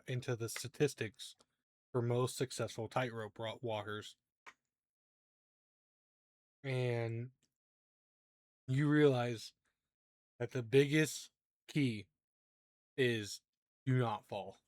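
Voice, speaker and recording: A man narrating a tabletop game as game master, halting with many fillers and quick to laugh. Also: mid-range voice, fairly even intonation, a little mellow, no echo, clean studio sound.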